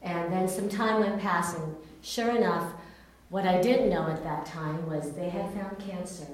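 A woman's voice: on the low side, measured pace. A woman earnestly recounting her own experience in short, plain phrases. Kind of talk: personal storytelling. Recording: very echoey room, voice far from mic.

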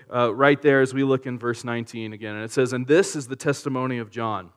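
A male pastor preaching in a relaxed, conversational way, using slang and asking the audience rhetorical questions. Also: mid-range voice. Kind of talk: conversational sermon.

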